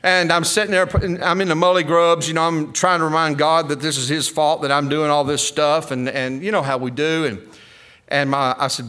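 A man in his sixties with a Mississippi Southern accent, a preacher telling a story in a sermon in a folksy, animated way. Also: medium pitch, normal speed. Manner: folksy, animated, acts out the voices of others.

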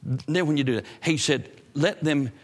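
A male preacher delivering a sermon, fervent and repetitive, climbing to loud emphatic peaks and then dropping low and quiet. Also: moderate pace. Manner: repeats phrases for emphasis.

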